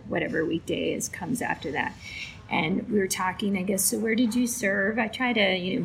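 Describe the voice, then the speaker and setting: A woman's low, gravelly voice sounds over a low-quality recording with some hiss or hum. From Alaska, she tells veterans' stories casually for a veterans' flight charity, bringing them to life with acted-out dialogue.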